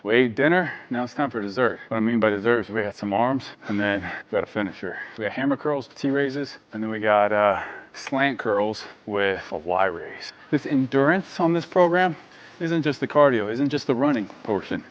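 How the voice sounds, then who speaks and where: In a muffled recording, a fitness vlogger films a casual workout video at the gym, his medium-pitched voice animated and at normal speed. He jokes around and hypes the viewer between sets, sometimes out of breath.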